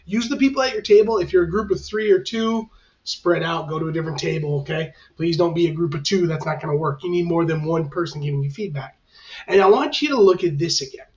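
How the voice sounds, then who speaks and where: A male teacher giving instructions to his class on camera in a reassuring, conversational way. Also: a little high. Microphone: camera facing the speaker. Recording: dull, lo-fi, mic at a distance.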